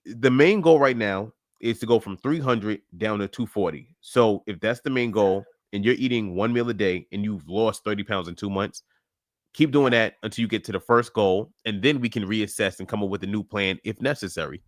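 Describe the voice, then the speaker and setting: In clean studio audio with no echo, a young fitness coach speaks in a lowish voice at normal speed. He's running a casual live stream, cheering on callers and laughing a lot as he chats.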